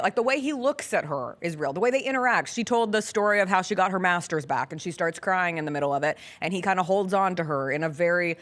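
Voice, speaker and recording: A woman's voice: on the low side, quick pace, hardly any pauses. A woman hosting a sports talk show, chatting casually and animatedly, laughing often. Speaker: sports radio show host. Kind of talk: casual chat.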